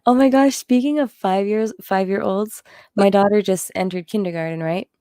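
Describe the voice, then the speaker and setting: A woman's voice: medium pitch, moderate pace, mellow, no echo, studio quality. A young woman in casual live-stream chat, reading out viewer comments and giggling often.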